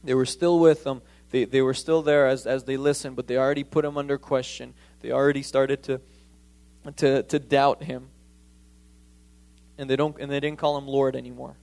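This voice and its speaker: A man delivers a sermon in a church with an emphatic, pressing delivery. He often stumbles over his phrases and restarts them as he drives his point home. His voice sits at a middle pitch for a man. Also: little pitch movement, moderate pace, gravelly, a little mellow. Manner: emphatic, with frequent stammered restarts. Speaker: preacher.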